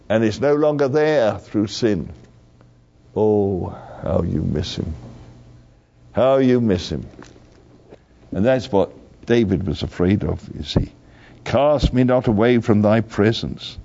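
Slow, gravelly older man preaching. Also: sits low, dark tone. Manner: slow, earnest, repeats key phrases. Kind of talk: sermon. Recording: dull lo-fi recording.

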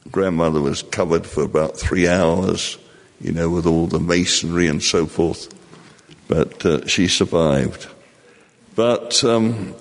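Slow, deep-voiced older man in a hall. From England. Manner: slow, reflective, with many fillers. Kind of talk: personal storytelling to an audience.

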